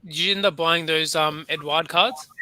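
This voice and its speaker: A man's voice: on the high side, steady tone, moderate pace, pushed and bright. A man co-hosting a football live stream, chatty and easy with a laugh. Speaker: stream co-host. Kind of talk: casual live-stream banter.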